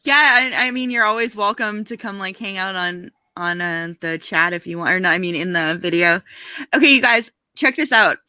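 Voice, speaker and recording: A woman's voice: mid-range voice, normal speed, pushed and bright, clear, resonant tone, dry recording. A woman from Saskatchewan, Canada, a guest on a casual livestream chat, talking loosely and giggling often. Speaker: guest, online channel host.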